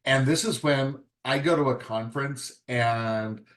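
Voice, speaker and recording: A man presenting a writing workshop in a relaxed lecture style, talking conversationally and acting out short scenes with quick voice changes. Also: mid-range voice. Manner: conversational, acts out little scenes with quick voice shifts.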